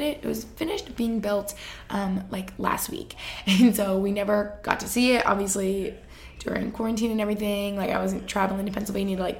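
A woman's voice: mid-range voice, vocal fry. A woman in her twenties chatting casually to camera, telling stories with lots of fillers and laughter. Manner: chatty, giggly storytelling with many fillers. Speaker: vlogger. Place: new apartment, indoors.

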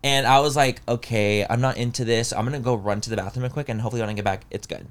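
A young man in casual chat, telling an animated story full of "like" and acting out the lines of others. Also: medium pitch, very fast. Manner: animated storytelling, heavy use of "like", acts out dialogue. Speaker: storyteller on a podcast.

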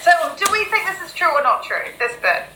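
A woman co-hosting a podcast, reacting with quick jokes and exclamations as she chats along. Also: very high voice, big pitch swings, roomy sound, background noise. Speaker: podcast co-host. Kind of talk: casual chat.

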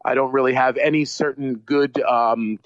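A man being interviewed as a musician, telling stories in an animated, rambling way with self-deprecating humor. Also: medium pitch, normal speed, no room sound, lo-fi sound. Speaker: musician guest. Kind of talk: casual interview storytelling.

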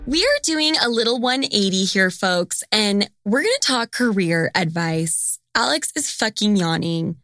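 A woman's voice: medium pitch, expressive, unhurried, hardly any pauses, a bit bright, faint music behind. A young woman hosting a podcast, chatting in a blunt, profane and teasing way. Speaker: podcast host. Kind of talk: casual podcast chat.

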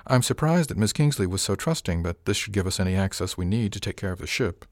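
A man voicing an older ship captain with a dry, measured and wry manner, in an audiobook. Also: low voice, animated, darkish tone, dry recording. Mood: calm.

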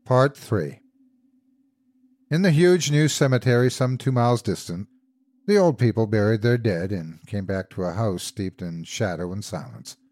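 A male host narrating a classic horror tale in a grave, measured manner. His voice sits low and the recording is dry and close. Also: darkish tone, dry recording. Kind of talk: scripted narration.

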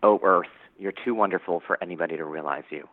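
Brief: grieving young woman's farewell, read by a man, soft and pleading, tinny phone sound. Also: low voice, fast talker. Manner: pleading, tearful. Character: young dead woman, anguished and tender.

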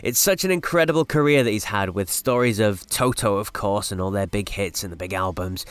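A man's voice: on the low side, a little fast, clean tone, no room sound. A man hosting a podcast, introducing the next interview with enthusiastic plugs. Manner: enthusiastic, plugging upcoming content. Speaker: podcast host. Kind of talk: show introduction.

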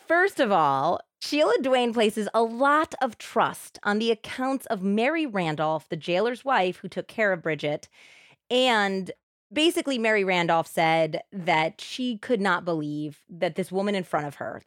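A woman co-hosting a podcast, telling a true crime story in an animated, expressive way. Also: medium pitch, unhurried, no echo, clean studio sound. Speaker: podcast co-host.

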